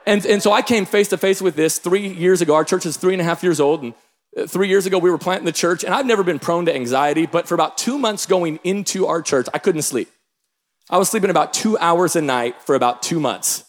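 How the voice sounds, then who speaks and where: A pastor from the Pacific Northwest preaching a sermon, telling stories with bursts of shouting. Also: male voice, high-pitched, brisk. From Pacific Northwest, Tacoma, Washington. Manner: energetic storytelling, bursts of shouting. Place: large church hall. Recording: long hall reverb.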